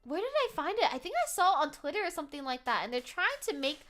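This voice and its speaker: A woman's voice: high voice, big pitch swings, fast, fairly bright tone, soft background music. A woman streamer chatting casually and animatedly, laughing often and swearing freely. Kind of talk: casual chat.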